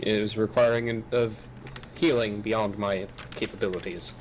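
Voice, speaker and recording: A man's voice: fairly low pitch, steady tone, normal speed, a little hiss or hum, lightly acted, rough recording. Man playing a solemn wandering monk. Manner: stiff, old-fashioned phrasing. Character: solemn wandering male monk, formal speech.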